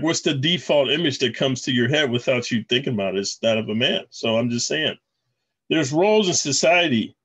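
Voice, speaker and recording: A channel host with a fairly high, fairly bright voice talks casually to his viewers, calling them "guys" as he rambles through commentary on the video clips he plays. The audio sounds dull.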